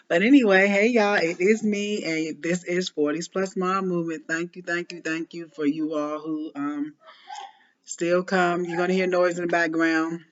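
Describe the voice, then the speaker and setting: Speaking a little slowly with fairly even intonation, a woman in her 40s who used to teach preschool talks casually to camera, laughing often and stumbling through ums and restarts. Her voice is lowish and the audio muffled and lo-fi.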